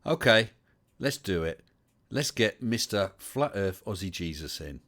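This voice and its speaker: A man's voice: on the low side, expressive, measured pace, a bit bright. A man with an English West Country accent hosting a casual livestream chat, chatty and welcoming, with many fillers. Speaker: livestream host.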